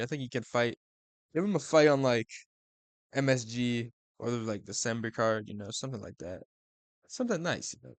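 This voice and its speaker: An excitable young man talks through fight results in loose, profane slang. He jumps between loud outbursts and quiet mutters. The sound is dry and close. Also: medium pitch, no echo. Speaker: MMA commentator. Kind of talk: casual fight recap.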